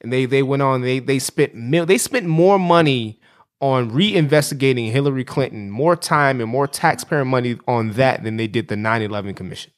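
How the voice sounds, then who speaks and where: A man in the middle of a casual podcast rant. He rambles and stumbles over repeated words as he builds his point, and his tone turns sarcastic. His voice sits at an ordinary middle pitch. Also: normal speed. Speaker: podcast co-host. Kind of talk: casual chat and political rant.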